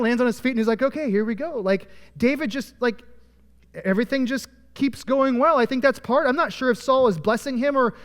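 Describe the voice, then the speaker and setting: High-voiced pastor in a reverberant hall. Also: male voice. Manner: storytelling, acting out voices of biblical figures. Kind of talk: sermon. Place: church auditorium. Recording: long church hall reverb.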